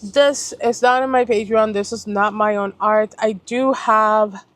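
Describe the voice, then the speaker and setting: A woman's voice: mid-range voice, fairly even intonation, a little slow. Chatty young woman from Puerto Rico. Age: young adult. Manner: chatty, rambling, self-correcting and apologetic. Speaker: planner vlogger. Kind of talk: casual chat.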